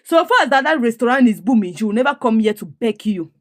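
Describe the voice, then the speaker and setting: A woman's voice: fairly high pitch, animated, fast, no room sound, clean studio sound. A woman quoting a pushy scheming friend, Nigerian. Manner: pushy, exclaiming.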